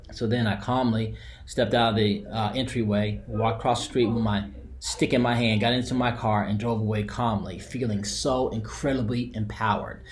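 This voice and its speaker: A man's voice: on the low side, steady tone, normal speed. A man telling a personal story as a heated, profane rant, repeating himself as he goes. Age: adult with a daughter.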